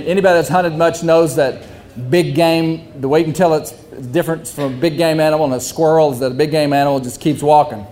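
A young man telling a hunting story, animated and often laughing while he talks. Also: a little high. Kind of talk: casual storytelling.

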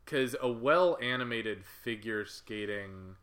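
A man's voice: medium pitch, slow pace, fairly bright tone. A man co-hosting a casual podcast chat, speaking thoughtfully with many hesitations and restarts. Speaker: podcast co-host.

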